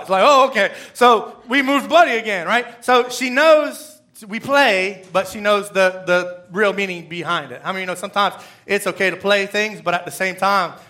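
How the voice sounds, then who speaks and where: Bright-voiced man preaching a casual sermon. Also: high voice. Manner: conversational, asks the crowd for responses. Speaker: pastor.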